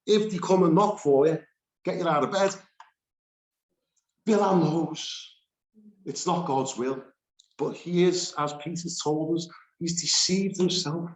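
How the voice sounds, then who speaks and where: A man teaching a Bible study, animated and laughing between his points as he reads scripture aloud. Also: on the high side, a little slow, long pauses, roomy sound.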